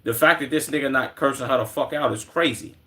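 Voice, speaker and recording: A young male streamer from Chicago talks loosely to his chat in a relaxed, slang-heavy, cussing style. He speaks into a desk microphone at a medium pitch. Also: fast talker. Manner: laid-back, slangy, profane. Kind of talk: casual reaction stream.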